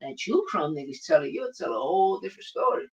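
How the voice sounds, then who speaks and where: A man's voice: fairly high pitch, sing-song, fast. A man hosting a boxing podcast, ranting casually with brash, profane trash talk and repeating lines for emphasis. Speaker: podcast host. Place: livestreamed podcast. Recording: distant, dull lo-fi mic.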